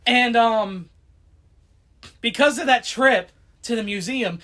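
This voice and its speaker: A woman's voice: on the high side, slow. A woman co-hosting a casual podcast, telling a story with lots of laughs and quotes. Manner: animated, laughing storyteller, quotes people in put-on voices. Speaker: podcast co-host. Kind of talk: casual chat.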